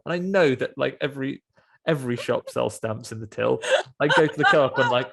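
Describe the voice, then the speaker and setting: A man's voice: medium pitch, fast talker, vocal fry, fairly bright tone, slight background noise. A man hosting a casual film podcast, rambling and swearing as he acts out little scenes. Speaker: podcast host.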